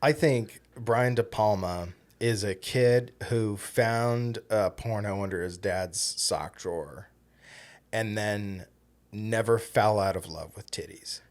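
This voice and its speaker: A man's voice: lowish voice, slow pace. Rambling male podcast co-host. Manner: rambling, frequent ums and restarts, laughs easily. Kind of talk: casual film-discussion chat.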